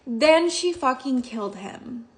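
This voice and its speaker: A woman's voice: sits high, expressive, a little slow. A young woman reviewing a book in a casual vlog, emotional and gushing, with casual swearing.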